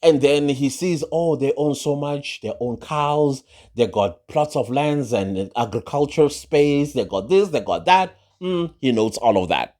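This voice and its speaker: A man rants through a gossip commentary, full of sarcasm and rhetorical questions. His mid-pitched voice swings widely up and down as he talks. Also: expressive, measured pace, darkish tone. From South Africa. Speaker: social commentary vlogger.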